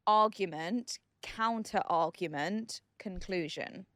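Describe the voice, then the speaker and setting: A young woman co-hosting a casual podcast, teasing her co-host with quick back-and-forth replies. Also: fairly low pitch, a bit bright, no room sound. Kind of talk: casual chat.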